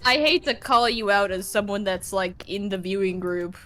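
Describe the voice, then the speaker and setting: A woman's voice: medium pitch, moderate pace, faint music behind. A woman chatting casually on a live game stream, swearing freely and filling her talk with "like". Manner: profane, filler-heavy, animated.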